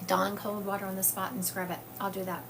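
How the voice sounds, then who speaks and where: The recording is very noisy as a woman speaks briskly at medium pitch in a level tone. She's a Southern psychic medium hosting a phone or webcam livestream, chatting casually and reading viewer comments aloud, peppered with fillers.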